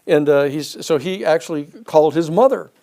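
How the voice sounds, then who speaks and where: A man giving a storytelling lecture, an animated speaker who acts out the people he quotes. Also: fairly high pitch, fairly quick.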